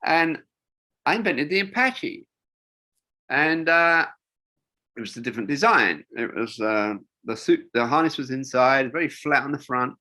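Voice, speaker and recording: A man's voice: medium pitch, lively intonation, unhurried, sharp tone. An older man, a wingsuit designer, telling rambling stories in a casual interview, with lots of fillers and restarts.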